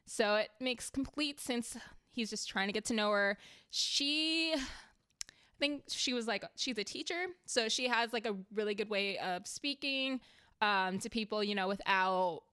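A chatty woman recaps reality TV in a casual, heated way and swears when something annoys her. Her voice is smooth and clear. The sound is dry and close, with no room around it. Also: mid-range voice, moderate pace, fairly bright tone, dry recording.

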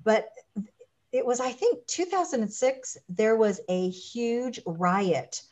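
A woman guest in a casual interview, telling stories with lively acted-out quotes and frequent restarts. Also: on the high side, slow. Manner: animated storyteller, acts out quotes.

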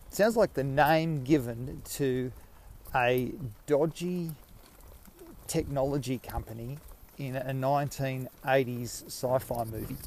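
A man's voice: medium pitch, a little mellow. An Australian man hosting a podcast, talking in a rambling, self-mocking way while out walking his dog. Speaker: podcast host. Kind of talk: casual rambling monologue.

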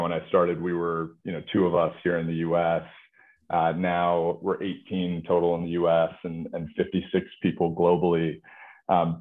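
A man, a company executive being interviewed, answering in a relaxed way and leaning often on filler phrases. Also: low-pitched. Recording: tinny phone-like line.

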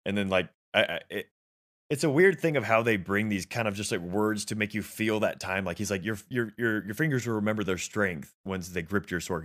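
A man with a fairly low voice talks quickly, piling one thought onto the next in an easygoing chat about movies. He sounds eager and a little rambling, with plenty of fillers between his points. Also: fairly bright tone. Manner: enthusiastic, rambling with many fillers. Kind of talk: casual film discussion.

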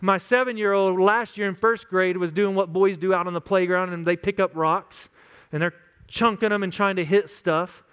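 Earnest Texan pastor telling stories. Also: male voice, sits high, fairly even intonation, normal speed, a bit bright, smooth. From West Texas. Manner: storytelling, conversational, earnest. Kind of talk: sermon.

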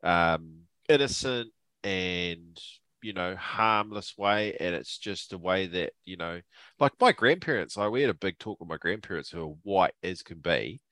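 A New Zealand man with a deep, low voice, chatting loosely on a podcast. He rambles and restarts his sentences, and his voice sounds close and dry, with no room echo. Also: lively intonation, unhurried, pushed and bright. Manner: rambling, with many fillers and restarts. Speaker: podcast co-host. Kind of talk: casual chat.

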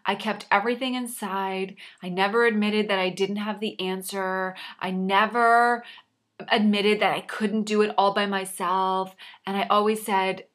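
A woman's voice: medium pitch, flat delivery, a little slow, fairly bright tone. A woman coach sharing a personal story in an earnest, reflective way, with a slight frog in her throat. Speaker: life coach.

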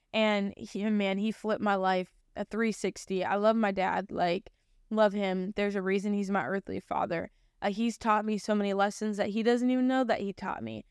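A woman in her twenties hosts a podcast and shares her personal testimony, rambling loosely with lots of fillers before turning earnest and emotional in casual chat. Her smooth, clear voice sits at a middle pitch with a steady tone and normal speed, recorded dry and close with no echo.

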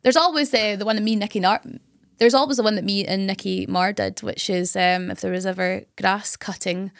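A young woman with a Scottish Highlands accent, a radio presenter telling stories in casual podcast chat, laughing often. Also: brisk, vocal fry, no echo, studio quality. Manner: animated storytelling, laughs often.

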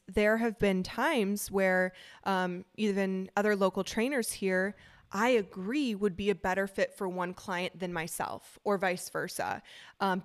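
A young woman, a dog trainer co-hosting a podcast, talking frankly and chattily with many fillers. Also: mid-range voice. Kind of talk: casual podcast chat.

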